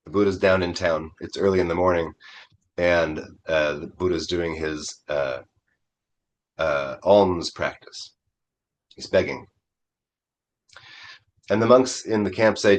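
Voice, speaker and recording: A man, a Zen priest, giving a dharma talk by retelling an old story in a conversational, animated way. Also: low voice, measured pace, long pauses.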